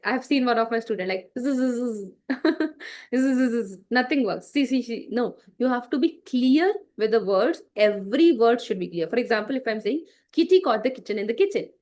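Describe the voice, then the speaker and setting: A woman leads an online public speaking lesson for children, speaking into a computer mic. She is encouraging and chatty, filling her talk with small fillers and saying example lines aloud for the class. Her voice sits at a middle pitch. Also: a little mellow.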